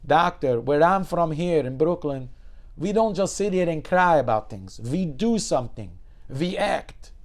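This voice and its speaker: A man voicing a grateful Hasidic man who urges a doctor with fervent insistence, pitched well above his own voice. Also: animated, quick pace, few pauses, a little mellow, natural voice. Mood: fervent urging. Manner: pleading, insistent exhortation.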